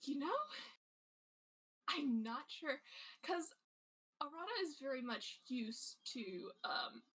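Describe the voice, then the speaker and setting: A woman's voice: high voice, lively intonation, slow, a bit bright, low-quality recording. A woman narrating her character in a casual tabletop role-play, giggly and full of little fillers. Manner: giggly, lots of fillers and restarts. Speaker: player.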